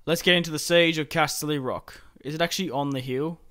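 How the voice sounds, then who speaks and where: A casual young man narrating his strategy game at a desk mic, with a slightly higher-than-usual voice. He chats loosely, swears now and then, and laughs at his own moves. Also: steady tone, quick pace, a bit bright. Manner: casual and chatty, swears and laughs while playing. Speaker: gaming channel host. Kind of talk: let's-play commentary.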